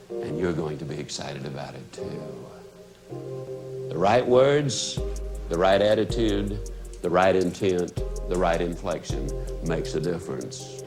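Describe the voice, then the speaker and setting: A man giving a folksy, emphatic motivational speech to a live audience of salespeople, dropping his voice low for effect. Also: measured pace. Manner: folksy and emphatic, with sudden dramatic drops in voice. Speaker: motivational speaker. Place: stage before a live audience. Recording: music playing behind the voice. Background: background music.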